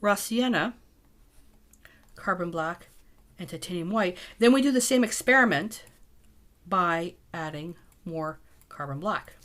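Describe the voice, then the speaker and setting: A woman's voice: fairly low pitch, animated, measured pace, pauses often, fairly bright tone. A middle-aged woman teaching a casual painting tutorial, chatty and thinking aloud as she mixes colours.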